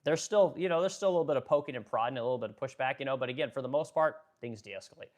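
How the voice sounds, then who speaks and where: Fast-talking blunt male livestreamer. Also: mid-range voice. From Pacific Northwest, Oregon. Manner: blunt, profane, rambling with many fillers. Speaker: livestream host reading chat. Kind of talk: casual livestream chat.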